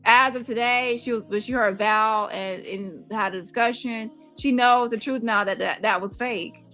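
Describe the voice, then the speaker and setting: Heated high-pitched woman host. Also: steady tone, moderate pace, bright, forceful tone, faint music behind. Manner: heated, repeats words, stacks accusations. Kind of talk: casual commentary to camera.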